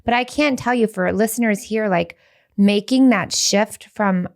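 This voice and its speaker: A woman's voice: medium pitch, a little slow. Earnest woman co-host sharing candidly. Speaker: podcast co-host. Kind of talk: casual podcast conversation.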